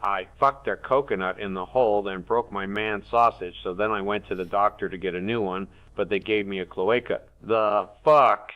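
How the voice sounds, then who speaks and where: A man putting on a crude gruff deep voice. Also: fairly even intonation, normal speed, few pauses, highs cut off, close to an everyday voice. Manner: coarse, blunt.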